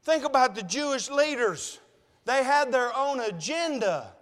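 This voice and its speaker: A man's voice: very high-pitched, animated, a little slow, a bit bright, long reverb tail. A man preaching a sermon, telling a personal story in an emotional, conversational way and calling the congregation brethren.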